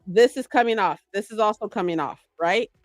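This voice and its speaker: A woman's voice: medium pitch, brisk, dry recording, faint music behind. A woman chatting on a livestream, rambling and gushing with lots of "like" and "right?". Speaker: streamer. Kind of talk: casual livestream chat.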